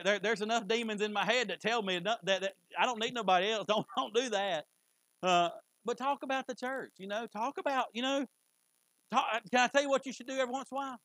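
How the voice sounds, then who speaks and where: A man preaching a sermon in a church in a folksy, conversational way, with sudden loud bursts. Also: very high voice, no echo, rough recording. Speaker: pastor. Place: church sanctuary.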